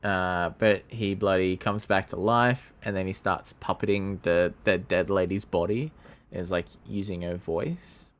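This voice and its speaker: A man's voice: sits low, steady tone, measured pace. A man co-hosting a podcast, casually recounting a film plot, laid-back with some swearing. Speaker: podcast co-host. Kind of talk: casual film-recap chat.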